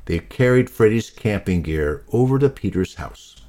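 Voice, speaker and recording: A man reading a children's storybook aloud, slow and lively, with voices for each character. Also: on the low side. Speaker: narrator.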